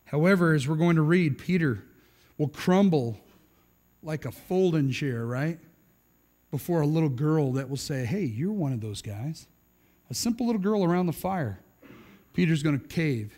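A man's voice: a little high, expressive, normal speed, a little mellow. A middle-aged man preaching a sermon in an emphatic, conversational way, often tagging lines with "right?". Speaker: pastor.

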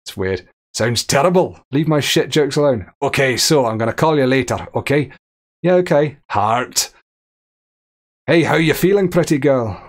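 A man's voice: mid-range voice, lively intonation, moderate pace. A man streaming a game, joking his way through it and reading texts and chat messages aloud. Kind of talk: gameplay commentary.

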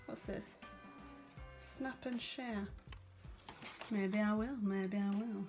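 Brief: young female beauty vlogger, excitable and gushy, music bed underneath. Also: medium pitch, slow. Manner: excitable, gushing, lots of exclamations. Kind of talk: casual vlog chat.

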